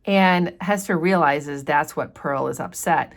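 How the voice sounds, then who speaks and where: A literature teacher with a low, unhurried voice and vocal fry chats her way through a novel chapter. She reads passages and explains them with casual fillers, like relaxed book commentary.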